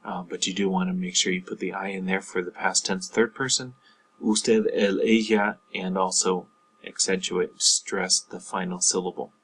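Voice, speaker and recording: A man's voice: low voice, steady tone, normal speed, fairly bright tone, slight background noise, poor audio. A man teaching a lesson on Spanish past-tense verbs, explaining patiently with frequent fillers. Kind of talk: recorded language lesson.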